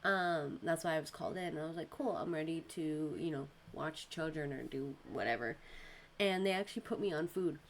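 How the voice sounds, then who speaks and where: On her casual podcast, a young woman talks fairly quickly through animated work stories, often laughing and putting on high voices to play customers. Slight background noise sits under her voice.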